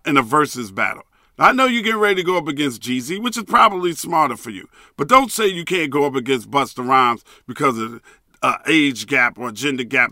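Man for a solo podcast rant: lively, swooping delivery, profane and emphatic, dry close sound. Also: medium pitch, no room sound. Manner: repeats a catchphrase. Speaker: podcast host.

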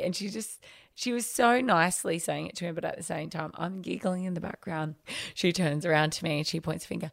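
A woman's voice: fairly low pitch, fairly quick, vocal fry, no room sound, studio quality. A woman co-hosting a casual chat show, telling stories animatedly and acting out the quotes with giggles. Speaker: podcast co-host.

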